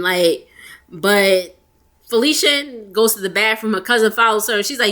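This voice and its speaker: A woman's voice: on the high side, animated, normal speed, sharp tone. A young woman with a Southern Texas accent, casually recapping a reality show episode in a gossipy way, laughing often and using Southern slang.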